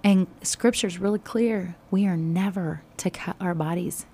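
A woman teaching a Bible study, retelling scripture in conversation with sudden animated bursts. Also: on the low side, measured pace, husky.

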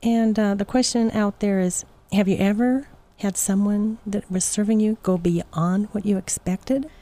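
A woman host welcomes listeners back to the show. Her voice is mellow and warm, and her manner is friendly and conversational. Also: mid-range voice, fairly even intonation, unhurried. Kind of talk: podcast introduction.

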